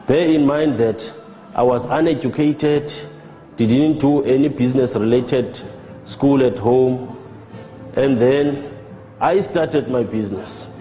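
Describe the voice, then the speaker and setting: Man, halting church testimony, deep mellow tone, echoing hall. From South Africa. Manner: measured, halting, with repeated words. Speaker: church member giving testimony. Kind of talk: personal testimony. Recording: roomy with long reverb and faint music.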